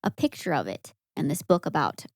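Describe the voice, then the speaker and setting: A young woman co-hosting a podcast, recapping a movie in casual chat and acting out the characters' lines in an animated way. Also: deep voice, brisk, vocal fry, no echo, studio quality. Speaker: podcast co-host.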